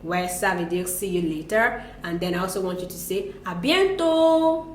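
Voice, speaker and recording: A woman's voice: lowish voice, animated, reverberant, a little hiss or hum. Patient woman teaching French greetings. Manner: patient, explains slowly with repeated examples. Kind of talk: conversational language lesson.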